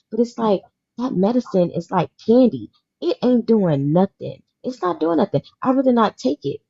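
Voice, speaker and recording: A woman's voice: lowish voice, mellow, breathy edge, muffled recording. A woman in her thirties hosting a podcast panel, talking in an emotional, emphatic way and repeating her points. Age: 30s. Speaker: podcast host. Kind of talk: casual panel chat.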